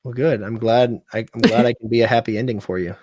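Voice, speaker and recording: A man's voice: medium pitch, steady tone, quick pace, darkish tone, no echo. A man speaking as a guest on a podcast, talking in an easygoing, playful way. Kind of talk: casual chat.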